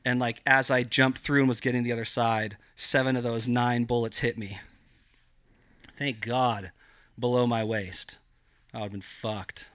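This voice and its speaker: Bright-voiced, foul-mouthed man telling a story. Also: medium pitch, level tone, a little slow, no echo, clean studio sound. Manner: heavy swearing, rambling with lots of filler. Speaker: podcast guest, cannabis grower. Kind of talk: casual storytelling.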